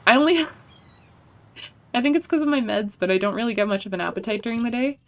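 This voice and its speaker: A woman's voice: fairly high pitch, brisk, fairly bright tone. A woman streamer chatting casually while playing, rambling and playful, swearing freely. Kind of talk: casual gameplay chat.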